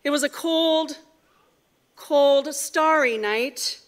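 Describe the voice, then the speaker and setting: Slow, high-voiced woman preaching. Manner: measured, earnest storytelling that ends in prayer. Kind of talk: sermon with storytelling.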